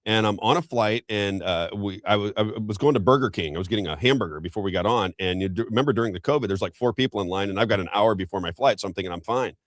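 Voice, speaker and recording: A middle-aged man hosting a talk show, telling a story in a rambling, animated way with frequent restarts. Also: lowish voice, quick pace, hardly any pauses, no echo. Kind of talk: casual storytelling commentary.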